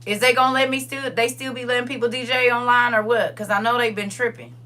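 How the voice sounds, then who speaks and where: A woman's voice: on the high side, level tone, quick pace, pushed and bright. An older woman hosting a casual livestream. She chats with her viewers, reads their comments aloud, and repeats phrases for emphasis. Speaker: livestream host.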